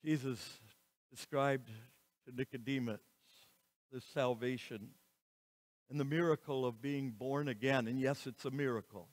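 A man preaching a sermon as pastor, slow and emphatic, with dramatic rises and falls in his voice. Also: mid-range voice, steady tone. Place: church sanctuary. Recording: reverberant church hall.

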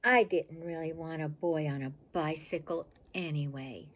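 A woman voicing a small, hopeful, polite male puppy in a storybook, with a high, eager and pleading manner. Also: normal speed.

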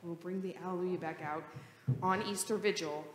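A woman pastor reading the gospel and then leading a lively, playful children's sermon in church. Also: on the low side, normal speed, background noise. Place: church sanctuary. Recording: roomy church reverb.

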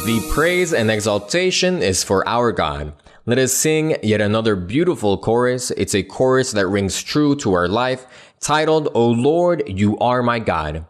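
A man's voice: mid-range voice, big pitch swings, measured pace, faint music behind. A man leading a church congregation in prayer and introducing hymns, speaking in an earnest, devotional way. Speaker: worship leader. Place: church service.

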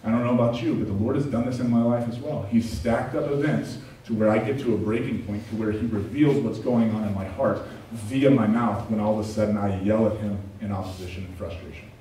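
A man preaching in a church sanctuary, his voice ringing through a very echoey room and picked up from some distance by the mic. He tells stories in an animated, self-deprecating way. Faint noise sits under the recording. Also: on the low side, fairly quick, hardly any pauses. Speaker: pastor. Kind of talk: sermon with personal storytelling.

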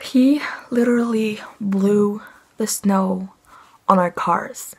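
A woman's voice: medium pitch, steady tone, slow, a little mellow, slightly rough. A young woman from Quebec telling an annoyed storytime vlog, rambling with many fillers. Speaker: family vlogger.

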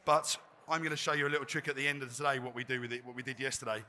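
A man's voice: medium pitch, fairly even intonation, racing, pushed and bright. A man, a chef giving a live cooking demonstration, chatty and self-deprecating. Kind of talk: live cooking demo talk. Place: trade fair demo stage.

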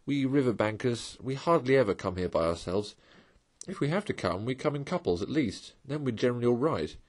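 Man reading as a kind old storybook rat, calm and reassuring, mid-pitched. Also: a little fast, lightly acted. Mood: soothing. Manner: soothing, reassuring. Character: brave, good-natured male water rat.

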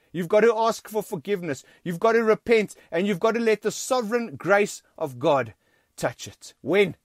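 A man's voice: sits high, expressive, moderate pace, no echo, clean studio sound. A man with a South African accent preaching a sermon in a church, emphatic and repeating key phrases, often calling the congregation friends. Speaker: pastor.

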